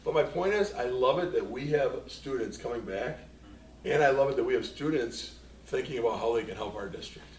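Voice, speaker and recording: A man's voice: medium pitch, expressive, brisk, darkish tone, a little hiss or hum. A man, a school superintendent, giving a rambling anecdotal report at a board meeting and quoting himself and a former student. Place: meeting room. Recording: echoey room, distant mic, faint ambience.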